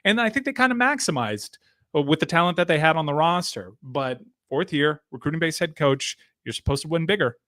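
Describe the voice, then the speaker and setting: A man's voice: on the high side, animated, a little fast, pushed and bright, dry recording. A man co-hosting a sports podcast, posing pointed questions with dry humor in casual chat. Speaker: podcast co-host.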